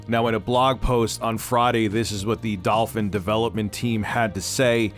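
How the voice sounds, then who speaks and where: A man's voice: on the low side, fairly even intonation, normal speed, faint music behind. A man hosting tech commentary, ranting in a sarcastic, mocking way. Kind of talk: opinionated commentary.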